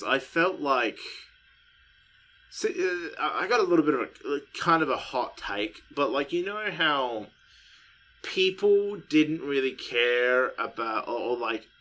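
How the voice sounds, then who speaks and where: A young man chats casually as co-host of a podcast. His voice is bright and forward. He rambles a little, swears freely and talks with lively energy. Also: mid-range voice.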